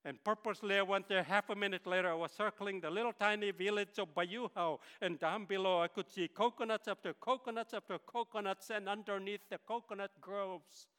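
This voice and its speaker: A man's voice: sits high, steady tone, a little fast, few pauses, a bit bright, smooth, long reverb tail. Impassioned man in his 60s preaching. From northern Philippines. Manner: impassioned storytelling. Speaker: missionary pilot, guest speaker. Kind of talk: sermon testimony. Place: church.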